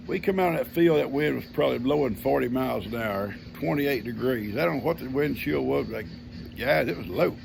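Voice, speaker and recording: A man's voice: medium pitch, gravelly, slight background noise. An older man, telling a family story in a folksy, homespun way. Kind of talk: casual storytelling.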